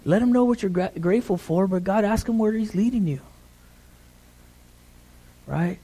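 A middle-aged man preaching a sermon in a relaxed, conversational way, often checking in with the congregation. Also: sits high, moderate pace, pauses often, husky. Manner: conversational, repeats "right?" to the congregation.

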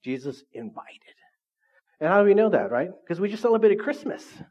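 A man's voice: high-pitched, big pitch swings, moderate pace, muffled recording. A man preaching a sermon in a church, conversational and often asking the congregation questions. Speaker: pastor.

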